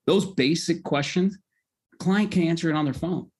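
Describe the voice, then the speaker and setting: A man's voice: a little high, normal speed, darkish tone, husky. A middle-aged man, a guest on a podcast, explaining his legal technology in a conversational, upbeat way and often checking in with "right?". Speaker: legal tech founder, guest.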